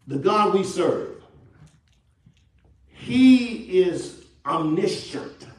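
Man, Southern accent, pastor, slow call-and-response sermon, echoey church, distant mic. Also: high-pitched, lively intonation. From Texas. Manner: call-and-response preaching, acts out quotes. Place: church sanctuary.

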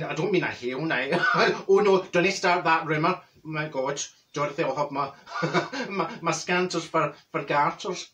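A man's voice: on the high side, fairly bright tone, distant mic, close to an everyday voice. Marjorie, a brash Glaswegian woman, as a man plays her. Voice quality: chatty, gossipy storytelling with Scots words. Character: brash older Glaswegian woman, gossipy and cheeky. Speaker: comedy character host. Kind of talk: comic character monologue.

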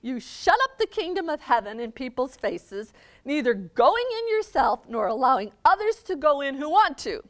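A woman reading aloud the words of an angry, grieving male prophet, scolding loudly and then lamenting quietly. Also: medium pitch, very animated, takes it slowly. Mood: furious scolding.

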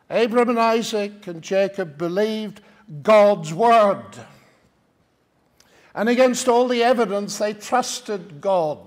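An Irish man gives a Bible teaching talk in a fairly high voice. He speaks slowly and deliberately and often turns to his listeners with rhetorical tag questions. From Ireland.

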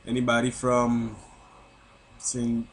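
A man's voice: mid-range voice, monotone, slow pace, slight background noise. A young man from St. Croix with a Crucian accent, chatting casually to camera in a vlog and keeping asking "you know what I mean?". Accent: Crucian (St. Croix) English. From St. Croix, US Virgin Islands. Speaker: vlogger.

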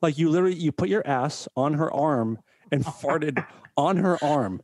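A man's voice: a little high, normal speed, no echo. Dry-voiced man teasing in crude banter. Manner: teasing, deadpan, profane. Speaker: podcast host.

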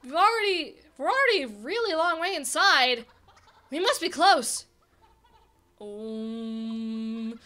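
Bubbly high-voiced young woman gaming. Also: slow. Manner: excitable, chatty, talks to game characters. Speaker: let's play host. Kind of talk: casual game commentary.

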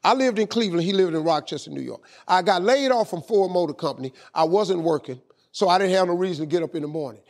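A middle-aged man telling an animated motivational story, often repeating "man" as filler. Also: high voice, fast. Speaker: motivational speaker. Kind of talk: storytelling speech.

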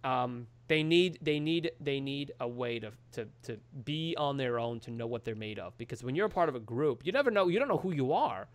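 A man's voice: mid-range voice, lively intonation, brisk, few pauses. A man co-hosting a podcast, casually recapping a TV episode and acting out the characters' lines in quotes. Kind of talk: casual chat.

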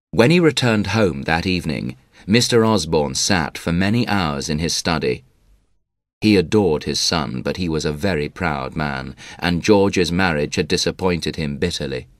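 Male audiobook narrator, very low voice, dry studio sound, measured read. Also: no echo. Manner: measured, even storytelling.

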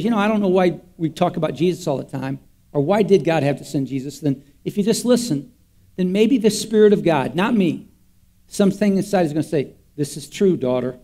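A man's voice: sits high, mellow. A man preaching an interactive sermon to his church, folksy and repetitive, quizzing the congregation call-and-response style. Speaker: pastor.

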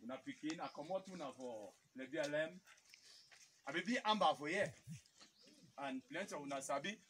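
Animated high-voiced Cameroonian Pidgin man. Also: brisk, a little hiss or hum. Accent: Cameroonian Pidgin English. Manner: animated, appealing to the crowd. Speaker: public speaker. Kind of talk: outdoor public address.

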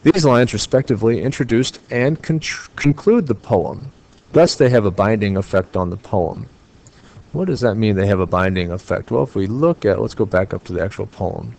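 A man's voice: lowish voice, expressive, normal speed, gravelly, a little mellow. An American man as a teacher, explaining poetry homework step by step and tapping out the stressed beats aloud.

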